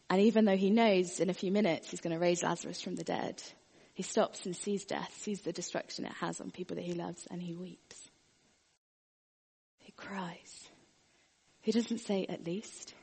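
A woman preaching a sermon, earnest, often dropping her voice very soft and quiet. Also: fairly low pitch, slightly rough, in a large hall.

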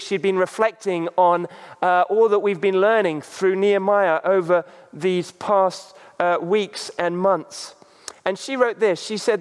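A man preaching a sermon as a pastor, halting, with many fillers. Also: sits high, smooth. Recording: long reverb.

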